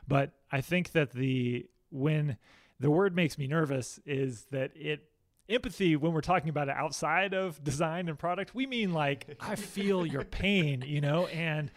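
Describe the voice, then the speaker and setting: A man's voice: on the high side, moderate pace. A man being interviewed as a guest, talking candidly and poking fun at himself, with lots of restarts. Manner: candid, self-deprecating, chatty with many restarts. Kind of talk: casual interview.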